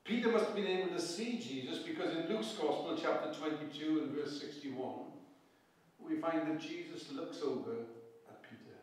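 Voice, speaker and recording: A man's voice: on the high side, moderate pace. A man with a broad Pembrokeshire Welsh accent preaches an earnest sermon in a slightly raised voice, piling up rhetorical questions and repeated phrases. He stands away from the microphone, and the church around him rings with a heavy echo. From Pembrokeshire, Wales. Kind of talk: evening sermon. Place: church hall. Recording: very echoey church, distant mic.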